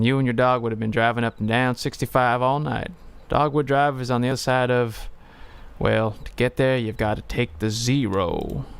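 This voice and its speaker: Folksy old station owner, sentimental and slow-spoken, read by a man in a gravelly voice. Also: medium pitch, close to an everyday voice.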